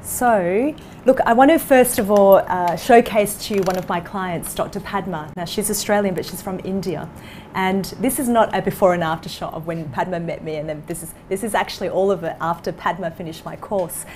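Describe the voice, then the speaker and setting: A woman coach telling a client's story and pitching her course with enthusiasm in an online interview. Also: moderate pace, a little mellow, a little hiss or hum. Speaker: coach for dentists.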